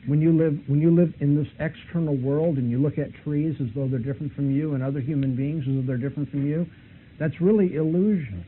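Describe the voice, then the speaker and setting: A man's voice: on the high side, fast. A man lecturing and retelling a debate, pressing his points with rising intensity. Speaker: Christian apologist lecturer. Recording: tinny lo-fi recording, faint hiss.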